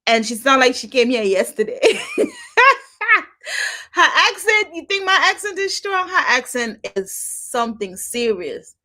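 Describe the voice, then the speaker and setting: A woman's voice: sits high, big pitch swings, unhurried, pushed and bright. A middle-aged woman hosting a podcast, talking in a chatty monologue, repeating herself and laughing often. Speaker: podcast host. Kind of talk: casual monologue.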